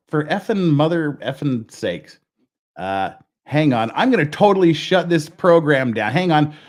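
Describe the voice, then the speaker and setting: Man hosting on a video call, lively pitch, rambling self-mocking jokes. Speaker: host. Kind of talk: casual livestream chat.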